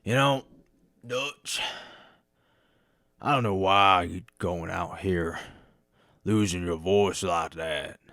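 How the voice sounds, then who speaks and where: A man doing an impression of a gruff, weary cowboy outlaw with a gravelly drawl. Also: low voice, slow, pauses often, fairly bright tone, no echo, clean studio sound, exaggerated voice. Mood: musing.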